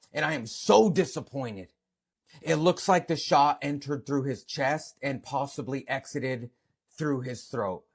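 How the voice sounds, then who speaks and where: A man's voice: mid-range voice, vocal fry, husky. A man ranting in a video clip, stammering, repeating himself and swearing. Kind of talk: emotional video rant.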